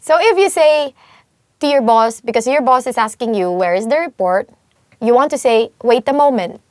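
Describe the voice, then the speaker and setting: A woman's voice: on the high side, animated, moderate pace, a little mellow, no room sound. Filipino woman teaching phrases, dry close sound. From Philippines. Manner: explains patiently, with playful example scenes. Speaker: language teacher. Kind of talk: friendly language lesson.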